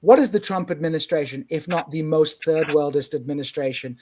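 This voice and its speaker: A man with a fairly high voice hosts a loose political conversation. He talks in quick, opinionated bursts and gets more animated as he builds a point. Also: a little hiss or hum. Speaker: podcast host. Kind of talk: casual political discussion.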